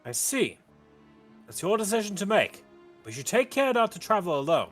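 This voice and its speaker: A man's voice: high voice, very animated, normal speed, fairly bright tone, soft background music, full character voice. A man voicing a cautious, concerned warrior giving advice, as a fan reading of game dialogue.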